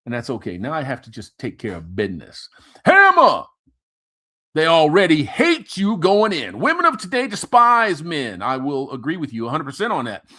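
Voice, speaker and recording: A man's voice: a little high, big pitch swings, fairly quick, hardly any pauses, pushed and bright. A man ranting crudely with heavy profanity while commenting on videos he plays. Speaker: commentary streamer. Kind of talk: casual reaction commentary.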